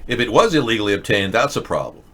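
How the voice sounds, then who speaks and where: A man's voice: lowish voice, big pitch swings, fast, a bit bright. A man hosting a show, ranting sarcastically in casual political commentary. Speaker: host.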